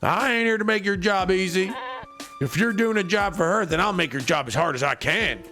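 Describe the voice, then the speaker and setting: A man's voice: high voice, brisk, soft background music, pitched above the performer's own voice. A man doing a paranoid shut-in husband. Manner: shouting, suspicious.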